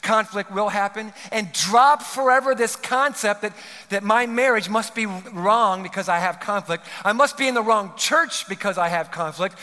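Pastor guy preaching, really high bright voice, pleading hard, long echoey church hall. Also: moderate pace. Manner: earnest, pleading preaching with rising emphatic peaks. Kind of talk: sermon.

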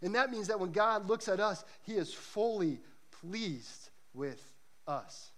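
A man's voice: high-pitched, expressive, takes it slowly, a bit bright. A man preaching a sermon to a church congregation, earnest and emphatic, telling stories to make his points. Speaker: pastor. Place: church service.

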